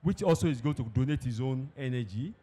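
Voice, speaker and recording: A man teaches a room of farmers about feed. He explains patiently, repeats his key points and keeps asking the audience questions. His voice sits at an ordinary middle pitch. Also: expressive, fairly quick, dark tone. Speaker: industry presenter. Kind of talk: technical presentation to farmers. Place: conference hall with a live audience.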